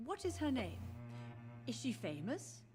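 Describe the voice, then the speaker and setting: A woman's voice: on the high side, very animated, measured pace, music in the background. A frail, grieving old mother. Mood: mournful. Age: older. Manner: soft, wistful and wandering. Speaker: game character. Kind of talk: video game voice acting.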